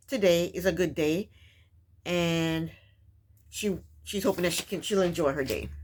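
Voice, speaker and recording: A woman hosting a casual reality TV recap, chatty and opinionated, often questioning the cast out loud. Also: on the low side. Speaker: recap host.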